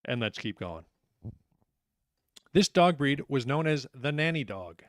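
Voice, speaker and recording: A man's voice: mid-range voice, very animated, measured pace, a bit bright, no echo. A man hosting a live trivia night, upbeat and joking, reading out questions and answers and teasing the players. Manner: upbeat, joking, self-deprecating.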